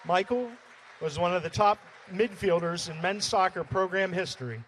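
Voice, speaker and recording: High-voiced male emcee in a hall. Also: moderate pace, fairly bright tone, slight background noise. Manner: announcing, reading a prepared introduction. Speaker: banquet emcee. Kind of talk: formal introduction at a banquet. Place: banquet hall.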